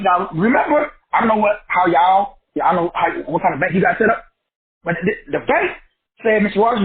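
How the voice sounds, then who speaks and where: A high-pitched man whose voice swings up and down as he preaches his lesson to a group call. He talks folksy and emphatic, throws out rhetorical questions and repeats himself for effect. The audio is thin and tinny, like a phone line. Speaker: teacher hosting a credit class.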